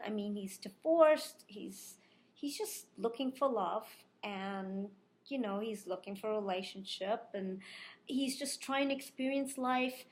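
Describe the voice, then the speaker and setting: A woman vlogger telling a personal story in a casual way, animated and laughing, with many ums and you-knows. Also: medium pitch, measured pace.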